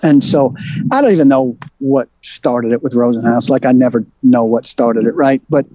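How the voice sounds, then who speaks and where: A man telling a story on a sports talk show, animated and worked up, with quick restarts. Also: medium pitch, dry recording. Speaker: sports reporter and show regular. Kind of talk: casual sports radio talk.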